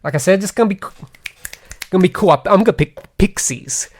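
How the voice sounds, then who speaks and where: Podcast co-host guy, jokey and teasing, voice all over the place pitch-wise. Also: expressive, fairly quick. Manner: joking and teasing, laughs often. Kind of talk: casual chat.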